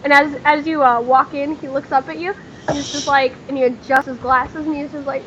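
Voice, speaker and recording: A woman narrating a tabletop game as game master, casual and halting with many fillers. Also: high-pitched, fairly even intonation, a bit bright, muffled recording, slight background noise.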